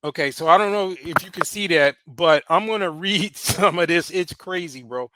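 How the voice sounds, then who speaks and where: A man's voice: a little high, moderate pace, over music. A man with a Chicago accent hosting a livestream, giving slangy, laughing commentary. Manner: slangy, laughing often, says "bro". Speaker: host.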